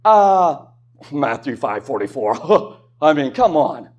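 A man's voice: on the high side, sing-song, slow pace, muffled recording. A man preaching a sermon in a conversational way, with rhetorical questions and joking asides.

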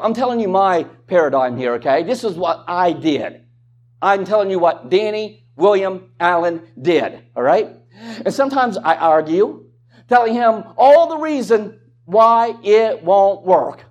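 A man's voice: a little high, darkish tone, dull audio. A man preaching a sermon in a conversational way, with rhetorical questions and joking asides.

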